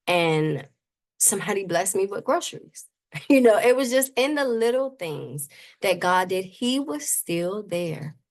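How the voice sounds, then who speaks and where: Earnest faith-filled woman, lowish voice. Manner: earnest, faith-filled, with many "you know"s. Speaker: grief coach and suicide prevention advocate, guest. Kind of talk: heartfelt conversational interview.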